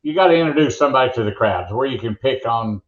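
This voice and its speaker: A man's voice: medium pitch, animated, quick pace. Folksy older Oklahoma man, muffled line. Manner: folksy, rambling joke-teller. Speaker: guest, former monster truck announcer. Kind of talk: casual interview storytelling.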